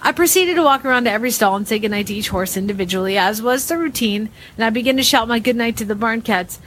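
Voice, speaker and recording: Woman, dramatic story reading, expressive, acts out fright, slightly high. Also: quick pace, slight background noise. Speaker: reader of a listener story.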